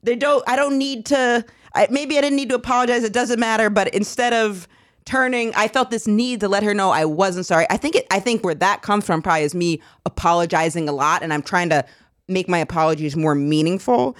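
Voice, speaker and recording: A young woman hosting a podcast, telling stories in a chatty, animated way in casual conversation. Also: medium pitch, a little fast, dry recording, clean studio sound. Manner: chatty, animated storytelling with swearing and laughter. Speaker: podcast host. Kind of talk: casual chat.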